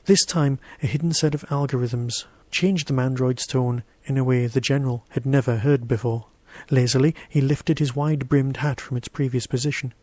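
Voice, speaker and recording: A man narrating his own short story in a steady, even reading voice. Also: medium pitch, normal speed, no echo. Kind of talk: audiobook-style story narration.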